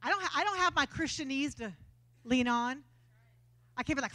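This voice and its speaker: A high-voiced woman preacher with a Texan accent gives an energetic, conversational church sermon, acting out quotes as she goes. She speaks briskly but pauses often.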